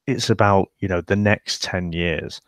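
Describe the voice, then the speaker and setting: A man with a low voice co-hosts a football podcast, speaking a little slowly in studio-quality sound with no room noise. He chats casually and gives strong opinions, telling stories in an animated way.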